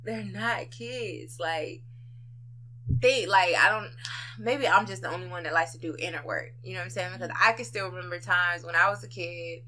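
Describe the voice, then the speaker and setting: A woman's voice: fairly low pitch, moderate pace, sharp tone, slight background noise. A woman co-hosting a casual, unedited podcast conversation, talking reflectively and emphatically and often checking in with her listener. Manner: reflective and emphatic, often asks "you know what I'm saying". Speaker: podcast co-host.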